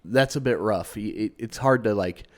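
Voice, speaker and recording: A man's voice: fairly low pitch, moderate pace. A young adult man co-hosting a podcast in casual chat, laughing often and acting out quoted voices. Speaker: podcast co-host.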